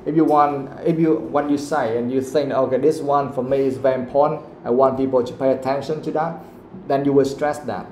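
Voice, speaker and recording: A man's voice: medium pitch, fairly even intonation, fairly quick, darkish tone, slight background noise. A man with a Vietnamese accent, teaching an English lesson live and explaining patiently with many repetitions. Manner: explains patiently, repeats himself, switches into Vietnamese to clarify. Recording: echoey room.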